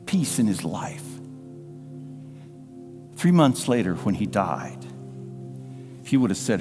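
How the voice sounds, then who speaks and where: A man preaching a sermon as pastor, telling a personal story with emotion and sometimes dropping to a hush. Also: on the low side, lively intonation, moderate pace, pauses often, over music. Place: church sanctuary. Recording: live church sound with long reverb. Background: band playing softly.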